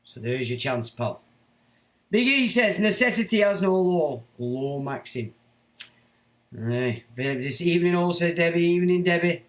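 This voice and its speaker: A man's voice: mid-range voice, expressive, normal speed. A middle-aged man hosting a livestream who rants about politics, reads out chat comments and swears as he taunts commenters. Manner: ranting political monologue. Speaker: livestream host. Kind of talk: casual livestream talk reading chat.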